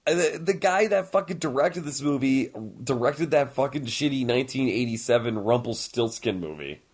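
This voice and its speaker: A man's voice: mid-range voice, expressive, normal speed, husky. A man co-hosting a casual movie commentary podcast, sarcastic and teasing, swearing freely. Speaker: podcast co-host.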